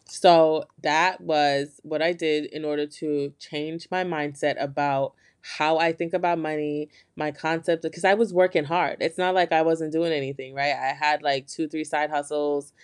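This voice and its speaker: An earnest podcast host speaks in a candid solo chat, leaning on "like" at every turn. The talk is slangy and loose, and it lifts into animated bursts when the mood turns hopeful. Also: mid-range voice, unhurried, hardly any pauses, smooth. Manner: earnest, candid, heavy on filler "like".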